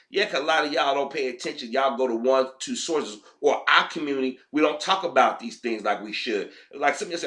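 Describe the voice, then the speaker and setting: A man's voice: mid-range voice, fairly quick, hardly any pauses, bright, forceful tone. A man ranting in heated, profane commentary as a vlogger.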